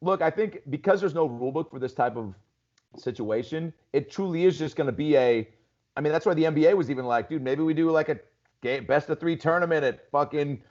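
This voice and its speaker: On a muffled recording, a man with a voice on the high side talks fairly quickly in a slightly mellow tone. He's a Seattle comedian chatting casually as a podcast guest, with stories that wander and lots of "dude" and "like."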